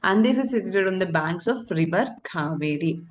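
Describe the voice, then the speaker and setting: A woman's voice: on the low side, expressive, normal speed. A woman teaching a current affairs lesson for exam candidates, repeating key terms and answering her own questions.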